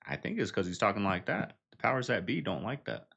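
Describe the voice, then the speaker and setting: A man with a very low, deep voice talks loosely over the clips he reacts to. He speaks off the cuff and keeps turning to his viewers with a friendly y'all. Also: big pitch swings, fairly quick, creaky, fairly bright tone, slightly rough. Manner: chatty, addresses viewers as y'all. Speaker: reaction video host. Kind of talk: casual commentary.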